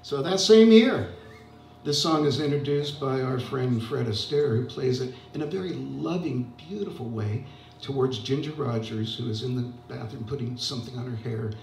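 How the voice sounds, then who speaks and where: A man's voice: mid-range voice, moderate pace, gravelly, darkish tone, slight background noise. An older man hosting an open mic, chatting casually and self-deprecatingly between songs. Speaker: open mic host and singer. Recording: roomy, distant mic, guitar behind.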